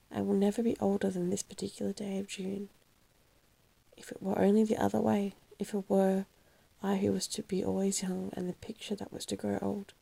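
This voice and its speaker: A woman's voice: mid-range voice, creaky, dark tone, slightly rough. A woman reading a vain, anguished young man. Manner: impassioned, pleading.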